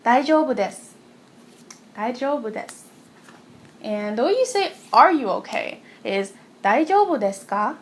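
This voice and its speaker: A woman's voice: fairly high pitch, lively intonation. Chatty young woman teaching phrases. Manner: chatty, giggly, repeats each phrase slowly. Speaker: language teacher vlogger. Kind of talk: casual phrase lesson. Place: warm room at home.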